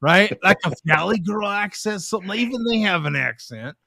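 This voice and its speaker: Brief: male talk-show host, animated joker, bright and gravelly voice, bone-dry sound. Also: high voice, moderate pace, no room sound. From Southern California. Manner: joking, animated, teasing. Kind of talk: casual live-stream chat.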